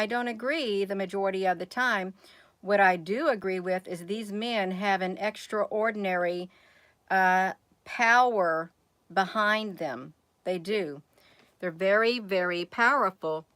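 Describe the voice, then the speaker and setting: A woman's voice: medium pitch, measured pace, a bit bright, no room sound. A woman hosting a casual vlog, rambling and asking her viewers one question after another. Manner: rambling, asks viewers many rhetorical questions; addresses viewers as "you all". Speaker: channel host.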